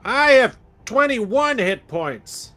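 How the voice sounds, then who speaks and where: A man's voice: very high-pitched, big pitch swings, takes it slowly, fairly bright tone, faint music behind. A man from Canada playing a tabletop game, making wry, joking asides. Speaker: player. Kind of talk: tabletop role-play chat.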